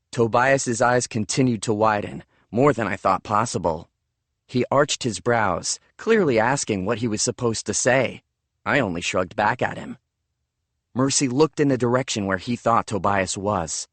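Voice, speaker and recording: A man narrating a first-person audiobook in a measured, steady way. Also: lowish voice, no echo.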